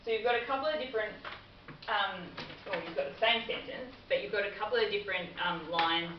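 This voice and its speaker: A woman's voice: mid-range voice, brisk, far from the mic, noisy background. A woman trainer giving a workplace communication lesson in a training room, explaining things in a friendly way. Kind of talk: classroom training talk. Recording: dull, roomy recording from afar.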